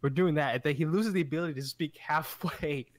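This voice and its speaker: Excitable young man, slightly high voice. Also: brisk. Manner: excitable, laughing storyteller. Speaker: podcast co-host. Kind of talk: casual chat.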